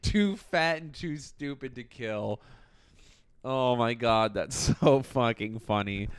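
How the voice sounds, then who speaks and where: A man's voice: medium pitch, slow, smooth, no room sound, clean studio sound. A young man co-hosting a comedy podcast, swearing, laughing and rambling through stories in casual chat. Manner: crude, laughing, rambling storyteller. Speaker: podcast co-host.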